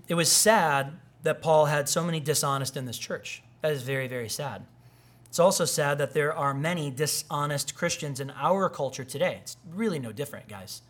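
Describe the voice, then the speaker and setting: A man's voice: on the high side, normal speed. A male pastor giving a conversational sermon, telling personal stories and acting out quoted people. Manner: conversational, animated, acts out quoted voices.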